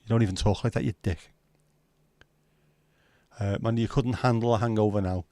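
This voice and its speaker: A man's voice: lowish voice, fairly even intonation, normal speed, mellow, dry recording. A middle-aged man, hosting a casual home livestream, chatting and reading out viewer comments with a sweary, easygoing manner. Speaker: livestream host. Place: at home, window nearby.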